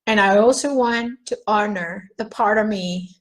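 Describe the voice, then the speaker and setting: A woman's voice: medium pitch, unhurried, rough recording. A woman giving a raw, profane self-help monologue on a live video, questioning herself aloud.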